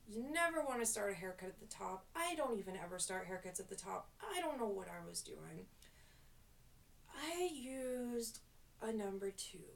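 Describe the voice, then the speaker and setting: A young woman with a fairly high voice tells a story to her vlog camera in a rambling, self-deprecating way. She sounds set back from the mic. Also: creaky. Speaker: hairstylist. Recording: voice distant from the mic.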